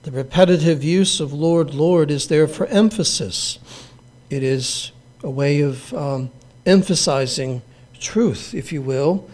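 A man's voice: on the high side, a little mellow. Earnest man preaching a sermon. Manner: earnest, measured preaching with emphatic repetition. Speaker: pastor.

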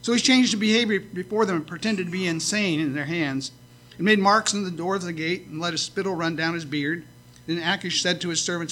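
A man's voice: high voice, fairly quick, sharp tone. A man preaching a sermon, reading scripture and explaining it in an earnest way, lifting his voice to stress key lines.

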